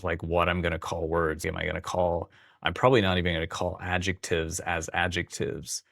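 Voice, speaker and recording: A man with a low, level voice explains Greek words in a relaxed, thinking-aloud way, full of fillers and restarts. The sound is dry and close. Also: gravelly, dry recording. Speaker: Greek teacher. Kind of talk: casual teaching monologue.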